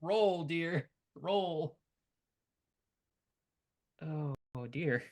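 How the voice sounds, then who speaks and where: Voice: mid-range voice, very slow, darkish tone. A game master narrating a tabletop role-playing game in a chatty, teasing way with many fillers.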